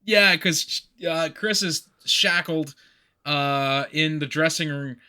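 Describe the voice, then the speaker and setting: Man, podcast co-host, casual chat, bright tone, animated, rambling. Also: fairly high pitch, slow pace. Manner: animated, laughing, rambling recaps. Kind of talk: casual chat about a movie.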